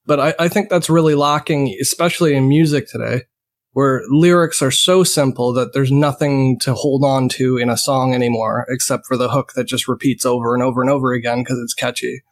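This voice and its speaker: A man's voice: mid-range voice, fairly even intonation, a little fast. A man co-hosting a casual podcast, giving earnest opinions with frequent fillers. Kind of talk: casual discussion.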